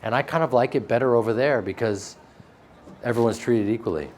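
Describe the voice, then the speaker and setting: A man from the American Midwest with a flat Midwestern accent, answering interview questions about his acting work in a joking, self-mocking way. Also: mid-range voice, fairly quick, slight background noise. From Chicago, American Midwest. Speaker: actor being interviewed.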